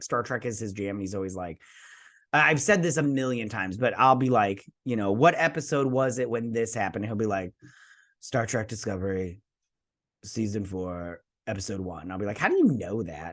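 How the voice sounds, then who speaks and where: A man's voice: lowish voice, fairly bright tone. A man hosting a show, giving a casual spoken review of a TV episode in a rambling, chatty way, swearing now and then and briefly mimicking characters.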